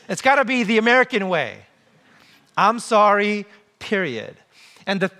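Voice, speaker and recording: A man's voice: sits high, fairly bright tone. A man in his forties giving a sermon in a conversational, humorous way, asking the listeners questions. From came to the US as a child. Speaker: pastor.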